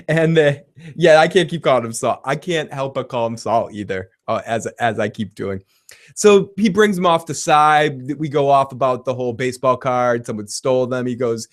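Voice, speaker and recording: Guy doing a loose tv recap, rambly, cusses a lot, mid-pitched voice. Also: normal speed. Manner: rambling, swears freely, chuckles often. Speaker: TV show reviewer. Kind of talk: casual episode recap.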